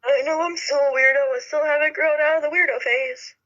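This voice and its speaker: A woman guest chatting casually over a call, giggly and offhand. Her voice is high and bright. The call audio comes through muffled and lo-fi. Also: steady tone, brisk. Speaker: guest voice actor.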